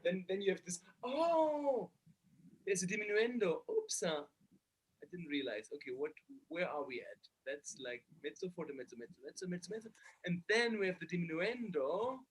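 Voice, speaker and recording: A man's voice: high-pitched, very animated, normal speed. A man teaching a cello masterclass, hesitant and often restarting, singing phrases to show them. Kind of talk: masterclass coaching. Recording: cello music playing behind.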